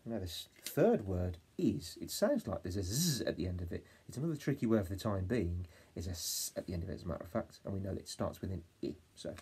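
A man with an English accent teaching a phonics lesson to young children, encouraging them and sounding out words slowly. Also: deep voice, very animated, warm tone, slightly rough. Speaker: reception class teacher.

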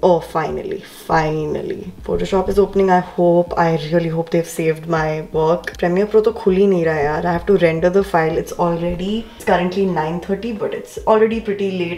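A woman's voice: on the low side, a little mellow. A young woman with an Indian English accent, talking casually and straight to viewers as she vlogs at home. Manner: chatty, talks straight to viewers. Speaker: vlogger. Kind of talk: casual vlog chat.

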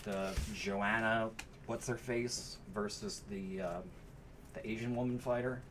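A man hosts a card break, chatting casually and calling out cards between stories as he opens packs. His voice is medium-pitched and a bit bright, with fairly even intonation and a slightly slow pace. There's a little hiss or hum in the recording.

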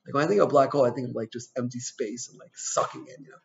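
Chatty rabbi, lo-fi class recording. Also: male voice, mid-range voice, racing, creaky. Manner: chatty, full of "you know" and "like", tells personal stories; asks the audience questions. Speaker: rabbi teaching a Torah class. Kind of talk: informal Torah lecture. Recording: dull lo-fi recording.

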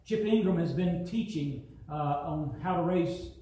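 A man's voice: fairly high pitch, a little slow, dark tone, slight background noise. A man preaching a sermon as pastor, building emphasis and acting out quotes. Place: church sanctuary. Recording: very echoey hall, from far off.

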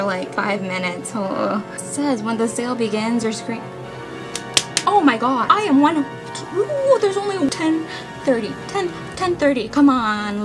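Jittery, excitable young woman vlogging. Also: medium pitch. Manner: anxious and excitable, swearing, counting aloud. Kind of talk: casual live commentary. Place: at home at a computer.

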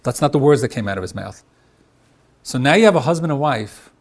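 A middle-aged man leads a marriage workshop as its therapist, with a voice of middling pitch. He keeps putting questions to his listeners and acts out both spouses in his examples. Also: lively intonation. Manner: asks the audience rhetorical questions and pauses on them. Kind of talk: workshop lecture.

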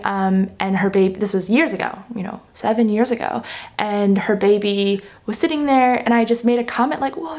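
A woman's voice: medium pitch, darkish tone. A young adult woman talking earnestly and reflectively in a casual vlog about parenting, with frequent "you know" and "like". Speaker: parenting vlogger.

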